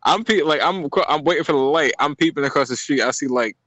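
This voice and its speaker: A man's voice: a little high, fast, a bit bright, dry recording. A young man, telling a story in casual chat and laughing often.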